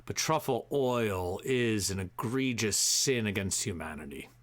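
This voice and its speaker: A man hosting a live show, ranting profanely and swinging between shouting and muttering to himself. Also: lowish voice, lively intonation, measured pace. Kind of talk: profane comedic rant.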